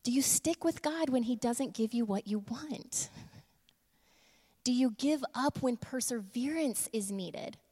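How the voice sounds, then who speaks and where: Woman, casual sermon, chatty, laughs a lot, slows down for key lines, long hall reverb. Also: fairly high pitch, dark tone, husky. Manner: conversational, laughs often, shifts between quick asides and slow emphatic lines. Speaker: church speaker. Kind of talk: casual sermon with humor and props. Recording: long reverb of a large room.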